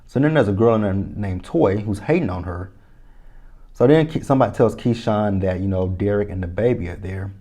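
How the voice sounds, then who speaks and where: A man recapping a TV episode in a casual, profane, animated way, reacting aloud to each scene. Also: on the low side, a little fast. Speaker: TV episode reviewer.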